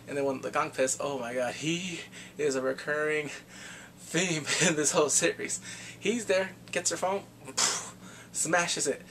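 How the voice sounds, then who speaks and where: A man casually recapping a drama, animated and laughing often as he acts out the scenes. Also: on the high side, normal speed, a little hiss or hum. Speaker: drama reviewer.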